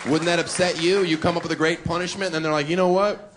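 A man doing a crude, brash stand-up comedy set on a club stage, punching up his lines with shouts. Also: a little high, steady tone, fast talker. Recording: live club recording with crowd noise. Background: audience laughter and applause.

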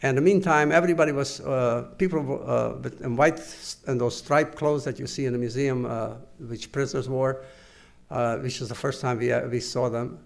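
An older man giving oral history testimony to an interviewer, halting and earnest, with many pauses and restarts. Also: mid-range voice, steady tone, vocal fry. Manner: measured, earnest recounting.

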